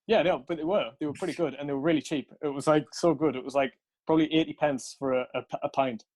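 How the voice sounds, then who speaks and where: A man's voice: fairly high pitch, steady tone, fast, darkish tone. A young man, casually telling a rambling night-out story, laughing and swearing between fillers. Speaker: podcast co-host.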